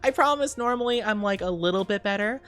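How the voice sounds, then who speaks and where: A woman's voice: medium pitch, fast, a bit bright, smooth, faint music behind. A young woman streamer talking casually while sick and dizzy, giggly, rambling and self-conscious. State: sick, dizzy, under the weather. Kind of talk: casual chat.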